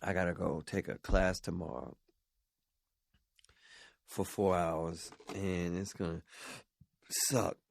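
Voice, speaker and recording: A man's voice: low-pitched, level tone, slow pace, vocal fry, long pauses, slight background noise. A man hosting his own vlog who talks in a rambling, profane way and slides into telling a stand-up bit. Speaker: vlog host and stand-up comic.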